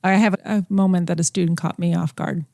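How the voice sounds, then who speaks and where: A woman's voice: fairly low pitch, brisk, gravelly, no room sound, studio quality. Woman teacher telling classroom stories. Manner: expressive storyteller, acts out quotes. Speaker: podcast co-host, teacher. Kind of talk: casual podcast chat.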